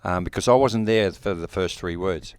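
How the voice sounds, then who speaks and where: Deep-voiced Australian man in his sixties. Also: normal speed, a little mellow, smooth. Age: 60s. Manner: blunt, swearing, joking banter. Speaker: actor, interview guest. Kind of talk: casual interview chat. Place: horror convention.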